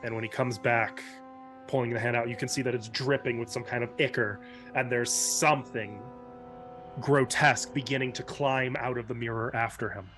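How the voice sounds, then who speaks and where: A man as game master, narrating a dark tabletop scene in measured, descriptive storytelling. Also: mid-range voice, fairly even intonation, soft background music.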